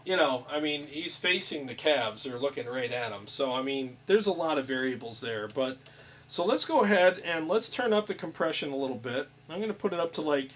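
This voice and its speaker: A man hosting a casual chat about guitar amp settings in a small studio room, upbeat and quick to laugh. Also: on the high side, lively intonation, fairly bright tone, distant mic, poor audio. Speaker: host.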